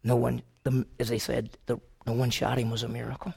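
A man preaching a sermon to a congregation, telling a story dramatically, moving from loud questions to hushed, slow passages. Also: mid-range voice, flat delivery. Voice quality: gravelly.

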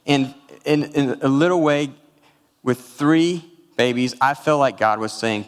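A man's voice: mid-range voice, a little slow, clear, resonant tone, long reverb tail. A man preaching a sermon, telling a personal story with feeling and weaving in scripture. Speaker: pastor.

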